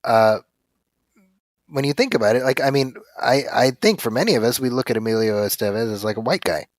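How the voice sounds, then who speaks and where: Animated man on a dry podcast mic. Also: medium pitch, brisk, no room sound. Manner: animated storytelling, reads listener mail aloud. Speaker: podcast co-host. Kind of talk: casual chat.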